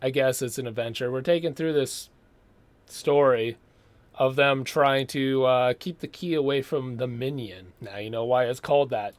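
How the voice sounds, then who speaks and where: A male film reviewer talks casually at a mid-range pitch. His delivery is rambling and sardonic, with lots of fillers. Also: moderate pace, no room sound.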